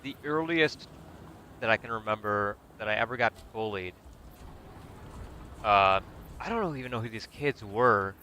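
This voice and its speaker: A man's voice: on the low side, normal speed, long pauses, slight background noise. A man in his thirties casually telling stories on a stream, acting out the quotes in them. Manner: animated, acts out quotes. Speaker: gaming streamer. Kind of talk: casual storytelling chat.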